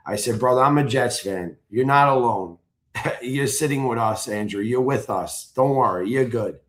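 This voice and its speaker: A man telling a story in casual chat, excited and acting out his own shouted chants. His voice sits at an ordinary middle pitch. The sound carries a roomy echo. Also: moderate pace.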